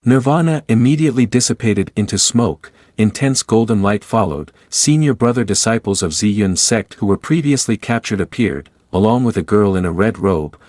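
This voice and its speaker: Male narrator, scripted recap, steady even read, lowish voice, dry close sound. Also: normal speed, few pauses, no echo.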